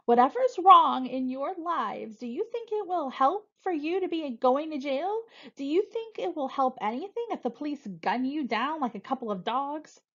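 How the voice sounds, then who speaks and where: A woman's voice: sits high, animated, moderate pace, few pauses, fairly bright tone, muffled recording, voice pushed up. A woman reading aloud, voicing a harsh, scornful older woman who scolds two young robbers. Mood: scolding. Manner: scolding, bitter.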